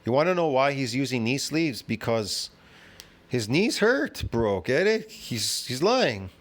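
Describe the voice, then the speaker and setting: A man's voice: medium pitch, big pitch swings, measured pace. A man in his fifties giving reaction commentary, rambling and swearing as he argues and lectures, often asking whether you get it. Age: 50s. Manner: profane, rambling and argumentative. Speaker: fitness commentator reacting to a video.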